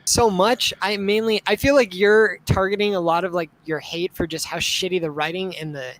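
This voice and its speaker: Young man, co-host, high voice, rambling, lots of fillers, casual live-stream talk. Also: steady tone, moderate pace, a bit bright, low-quality recording. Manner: rambling, heavy use of filler words. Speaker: podcast co-host.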